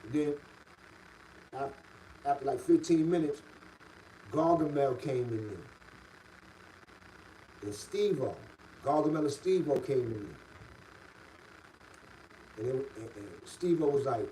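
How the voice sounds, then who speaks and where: A middle-aged man from the Bronx with a New York City accent, telling a story in a casual, streetwise way and rising loud and high when worked up. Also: expressive, measured pace, pauses often, recorded from a distance, a little hiss or hum, poor audio.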